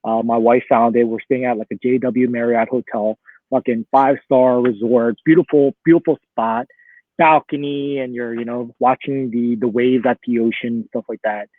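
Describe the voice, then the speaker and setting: A man's voice: mid-range voice, moderate pace, no echo. Man from Philly on a tinny call line. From Philadelphia. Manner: relaxed, chatty, laughs often. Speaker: guest. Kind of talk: casual chat. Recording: tinny phone-like line, dry.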